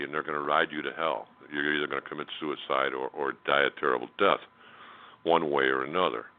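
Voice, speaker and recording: A man telling a personal story as a radio interview guest, in a candid, blunt way with many fillers and restarts. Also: rumbling low. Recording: tinny phone line.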